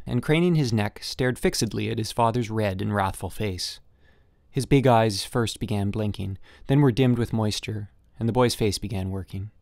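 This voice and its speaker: A man narrating a classic short story as an audiobook narrator, measured and even. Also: on the low side, creaky, no room sound, clean studio sound. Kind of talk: scripted narration.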